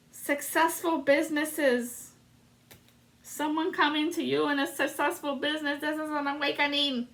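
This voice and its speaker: A woman with a high, bright, sharp voice leads a solo spiritual card reading. She is dramatic and sassy, and drops in sung lines and salty asides. She takes her time between phrases. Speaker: tarot reader.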